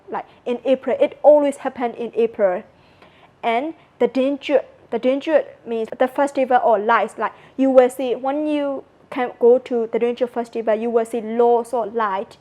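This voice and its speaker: A woman with a Burmese accent, a native Burmese speaker, teaches a recorded conference lesson in a slightly high voice. She goes over every word patiently, repeating it several times and spelling some out letter by letter. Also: a little mellow. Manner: repetitive, spells out words letter by letter. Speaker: language teacher.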